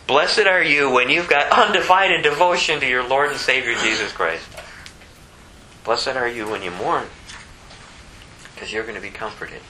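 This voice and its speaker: A man's voice: moderate pace, background noise. A man preaching a sermon, his voice rising sharply when he gets emphatic. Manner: impassioned, pitch climbing sharply when emphatic.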